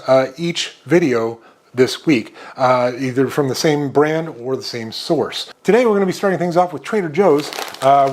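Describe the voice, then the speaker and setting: A man's voice: a little high, slight background noise. Upbeat man reviewing snacks. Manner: upbeat, enthusiastic snack tasting with frequent "uh" fillers. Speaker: host of a snack review show. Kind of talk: casual food review.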